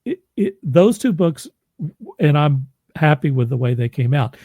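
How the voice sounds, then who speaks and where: A man's voice: fairly high pitch, sing-song, unhurried, warm tone, slightly rough, no echo. A man who narrates audiobooks, chatting casually in a rambling, self-deprecating way and laughing often. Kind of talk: casual chat.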